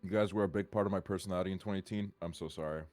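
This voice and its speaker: A man's voice: low-pitched, fairly even intonation, racing, darkish tone, faint music behind. A young man chatting as a guest streamer, laid-back and dry, tossing off offhand remarks. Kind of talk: casual chat.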